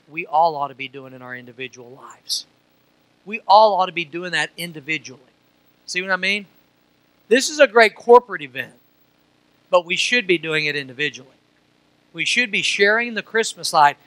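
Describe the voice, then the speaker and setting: A man's voice: a little high, sharp tone, no echo. A middle-aged male pastor delivering a sermon, folksy storytelling that builds to emphatic preaching.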